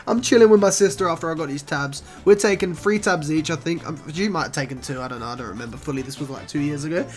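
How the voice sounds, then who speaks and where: A man's voice: a little high, fast, few pauses, soft background music. A young man, telling a casual, expletive-laden story for his vlog. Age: 20s. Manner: animated, swears often, says "bro" a lot. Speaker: vlogger.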